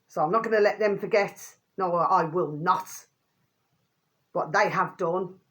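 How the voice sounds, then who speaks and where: A woman's voice: fairly low pitch, unhurried. A woman vlogging an angry rant to her viewers, swearing mildly and calling them by a pet phrase again and again. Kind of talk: ranting monologue to camera.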